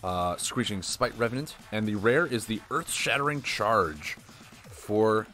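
A man's voice: lowish voice, expressive, unhurried, pushed and bright, faint music behind. A young man chatting casually on a live stream as he opens card packs and reads the card names aloud.

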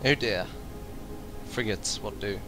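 A man's voice: on the low side, takes it slowly. A young man playing an online game with friends, joking and complaining playfully over voice chat. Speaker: gamer on voice chat. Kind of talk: casual gaming banter. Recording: game music behind the voice chat.

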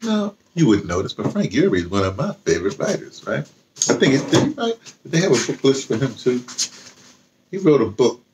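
A man's voice: mid-range voice, big pitch swings, fairly quick, background noise. A man chatting casually about books he has read, rambling and restarting often. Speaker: vlogger. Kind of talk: casual book talk with reading aloud.

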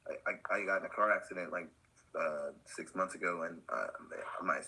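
A man guesting on a skate podcast, telling a story in animated, slangy casual talk and acting out the other people's voices. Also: moderate pace, breathy edge, rough recording. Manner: acts out quoted voices, swinging high and low; laid-back slangy talk with laughs.

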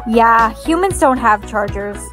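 A woman's voice: fairly high pitch, expressive, unhurried. A text-to-speech woman's voice reading lines of a storytime skit. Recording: voice over background music.

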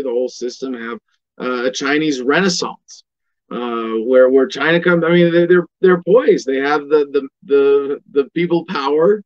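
A man with a high voice delivers a political commentary monologue. He is emphatic and asks and answers his own questions. The recording sounds dull and lo-fi. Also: darkish tone.

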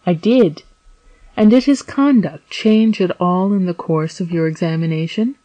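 An earnest young sailor, locked up and eager to work out who betrayed him, as a woman reader voices him. The voice is lowish and dry, recorded close with no echo. It stays near the reader's own voice, read as a storybook. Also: a little slow, dark tone, muffled recording, natural voice. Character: young male sailor, wronged and earnest prisoner.

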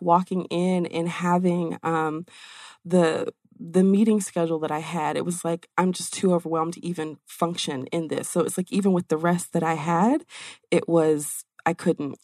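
A woman's voice: on the low side, normal speed, no room sound. Chatty woman coach, dry sound. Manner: animated, chatty storyteller with many fillers. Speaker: business coach. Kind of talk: interview storytelling.

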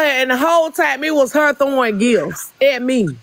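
Woman, high voice, talkative, emotional, casual livestream chat. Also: animated, normal speed, fairly bright tone, slight background noise. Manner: talkative, overtalks people, emotional. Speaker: livestream guest.

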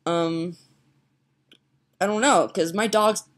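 A woman's voice: fairly low pitch, slow. A young woman rambling in a casual home vlog, chatty and giggly, laughing at herself as she talks. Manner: chatty, giggly, self-mocking. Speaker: vlogger. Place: home, indoors.

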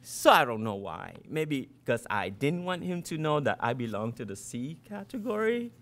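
A man, the author, giving an expressive first-person reading of his fiction in a colloquial storytelling manner. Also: medium pitch, normal speed.

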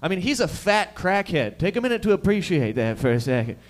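This young Toronto-area man's high voice swings widely in pitch. Hosting a stand-up set at a comedy lounge in Canada, he rattles off profane jokes to the audience at speed.

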